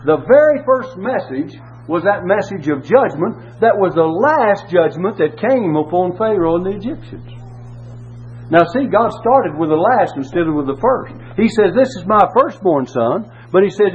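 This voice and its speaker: High-voiced preacher on tinny audio. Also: male voice, lively intonation, moderate pace. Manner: emphatic, repeats key words, asks rhetorical questions. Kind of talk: sermon with scripture reading. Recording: tinny phone-like audio with faint hum.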